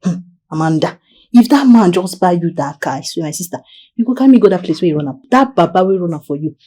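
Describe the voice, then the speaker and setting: A woman's voice: on the low side, expressive, quick pace, mellow. An actress with a Nigerian accent plays a nosy young woman teasing and pressing her friend in Pidgin.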